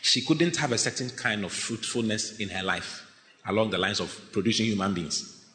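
A man preaching a sermon as pastor, animated and laughing often, acting out the voices of people he quotes. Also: lowish voice, normal speed, slight background noise. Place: church hall. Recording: echoey hall reverb.

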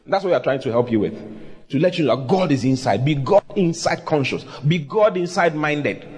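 Animated preacher, fairly high voice. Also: male voice, fairly quick. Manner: animated and humorous, with teasing asides and repeated phrases. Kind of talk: sermon with call and response. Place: church with a live congregation.

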